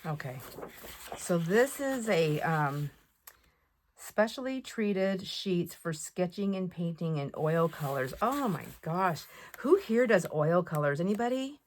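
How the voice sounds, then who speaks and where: A woman chatting to camera while showing off a craft haul, excitable and full of fillers and asides. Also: on the low side, unhurried, a little hiss or hum. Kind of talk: casual chat to camera.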